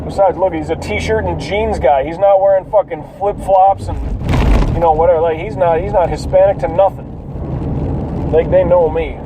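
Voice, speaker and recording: Man, high voice, casual profane vlog ramble, noisy car recording. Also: fairly even intonation, moderate pace. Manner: rambling, profane, many fillers. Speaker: vlogger.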